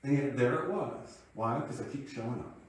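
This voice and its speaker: A man's voice: medium pitch, brisk. Man in his fifties, minister, conversational sermon, very echoey hall, off-mic distance. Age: 50s. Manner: conversational, reflective storytelling with soft asides. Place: church sanctuary.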